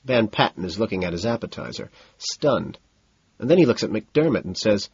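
A man narrating an audiobook in the first person, deadpan and detached, on a dull lo-fi recording. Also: fairly low pitch, normal speed, breathy edge, no echo.

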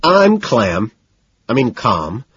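A man's voice: medium pitch, big pitch swings, moderate pace, husky, no room sound, muffled recording, pitched above the performer's own voice. A man voicing an anxious young man who talks in a nervous, breathless rush. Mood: flustered.

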